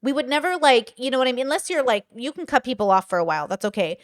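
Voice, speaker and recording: A woman commentator speaks in quick, slightly high, casual talk. She grows louder and more opinionated when a subject excites her. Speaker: online commentator.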